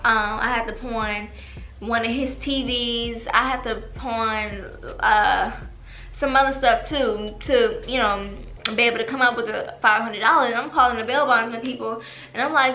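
Young woman, AAVE speech, bright tone, roomy echo, faint music under; animated, profane storyteller. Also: on the high side, moderate pace. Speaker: vlogger. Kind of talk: storytime vlog. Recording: echoey room with music behind.

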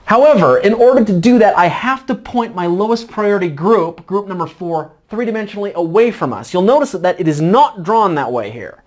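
A man's voice: high voice, animated, fairly quick, few pauses. A middle-aged man teaching chemistry at a board in a casual, folksy lecture. He keeps asking himself questions aloud and then answering them. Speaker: chemistry tutor. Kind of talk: whiteboard lecture.

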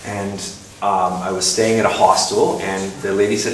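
A man's voice: on the low side, little pitch movement, normal speed. Male speaker, casual lecture delivery full of ums, recorded from a distance in a very echoey hall with faint noise. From Canada. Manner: hesitant, many ums and restarts, playful asides. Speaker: guest speaker. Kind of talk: informal public talk.

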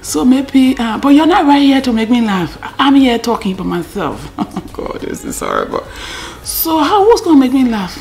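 Middle-aged Liberian woman vlogger, deep and gravelly, lively pitch, casual and rambling. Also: normal speed, soft background music. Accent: Liberian English. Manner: rambling, talks to herself, drops to near-whispers. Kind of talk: casual talk to camera.

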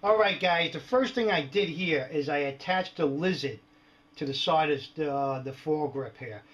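A man's voice: on the high side, normal speed, fairly bright tone, a little hiss or hum. Jokey rambling man showing his gear. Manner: jokey, rambling, lots of "all right" and "right?". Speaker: prepper vlogger showing gear mods. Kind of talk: casual show-and-tell. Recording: dull lo-fi home video sound.

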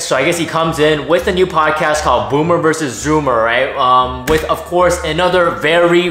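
A man's voice: mid-range voice, noisy background. A man giving mocking reaction commentary, scoffing and exasperated. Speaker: reaction YouTuber. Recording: roomy with music playing.

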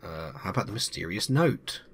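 A man's voice: sits low, big pitch swings, normal speed, a little hiss or hum. A man hosting a let's play, chatting casually and joking as he plays. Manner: chatty, joking, reads game text aloud. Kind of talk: casual gameplay commentary.

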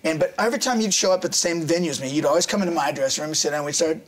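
A male host chats with his guest in a relaxed way. He tells stories and laughs easily. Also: fairly high pitch, rapid-fire. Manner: chatty, storytelling, laughing. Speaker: show host interviewing a guest.

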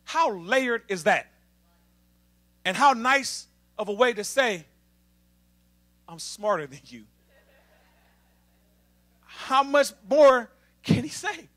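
High bright-voiced guy preaching hard, calls out to the church, gets loud. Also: expressive, slow pace, long pauses. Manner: emphatic, call-and-response preaching, rises to shouting. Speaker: assistant minister. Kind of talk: sermon.

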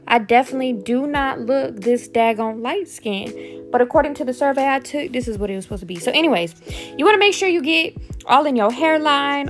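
A young woman narrating a makeup tutorial in a goofy, self-mocking, chatty way. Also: high-pitched. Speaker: beauty vlogger. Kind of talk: casual voice-over tutorial.

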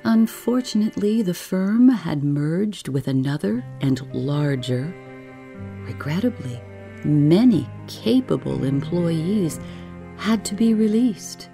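A woman reading a relaxing bedtime story aloud in a soft, unhurried, soothing way. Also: lowish voice, expressive, creaky, faint music behind.

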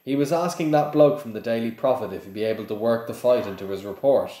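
A man's voice: medium pitch, fast, warm tone, echoey room, lightly acted. A man reading aloud voices a cheeky, gleeful teenage boy.

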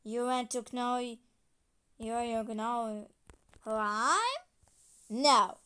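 A woman telling a homemade story video and voicing its characters, speaking halting, broken English with restarts. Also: on the high side, little pitch movement, sharp tone, clean tone.

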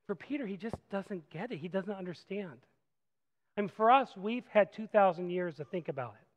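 A man preaching a sermon as pastor, animated, moving from loud acted-out quotes to quiet reflective passages. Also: high-pitched, moderate pace, big-room sound, dull audio. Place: church sanctuary.

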